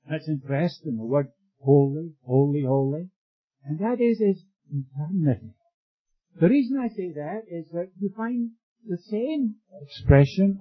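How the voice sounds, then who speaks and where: A man preaching a sermon in a measured, emphatic way, asking rhetorical questions and answering them. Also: on the high side, slightly rough. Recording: muffled lo-fi recording.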